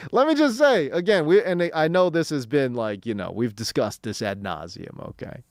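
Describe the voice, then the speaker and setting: Lively male sports radio host, animated pitch, dry close studio mic. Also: a little slow, long pauses, no echo. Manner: excitable, laughs often, swings from loud to low.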